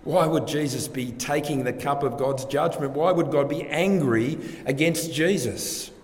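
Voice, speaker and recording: A man preaching a sermon to a congregation, earnest and full of rhetorical questions, rising and dropping his loudness for emphasis. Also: a little high, measured pace. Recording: long hall reverb, faint background ambience.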